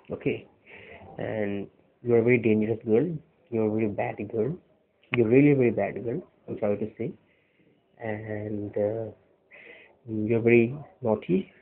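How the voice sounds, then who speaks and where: Man, tender halting love message, slightly low voice, phone-like sound. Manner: tender, earnest, halting with restarts. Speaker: boyfriend recording a love message. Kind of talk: personal video message. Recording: tinny phone-like audio.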